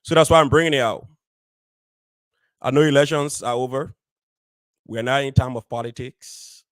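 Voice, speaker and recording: A man's voice: medium pitch, normal speed, fairly bright tone, no room sound. A man hosting a community show, speaking straight to his audience with firm emphasis and repeating key phrases. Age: adult, married. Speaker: radio show host. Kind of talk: direct address on a community show.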